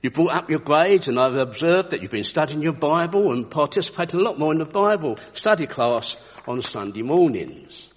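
A man voicing a stern, churchgoing father speaking to his son in a measured way, with a long echoey reverb on the recording. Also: a little high, animated, husky.

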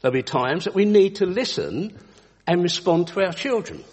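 Man, earnest devotional storyteller, husky voice, lively pitch, long reverb. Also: moderate pace. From United Kingdom. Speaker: Christian speaker. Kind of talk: devotional talk with anecdotes.

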